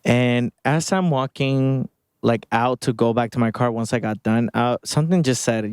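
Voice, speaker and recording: A man's voice: mid-range voice, normal speed, darkish tone, smooth, dry recording, clean studio sound. A young man hosting a podcast, telling a personal story with sighs, gasps and laughs, gushing and emotional. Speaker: podcast host.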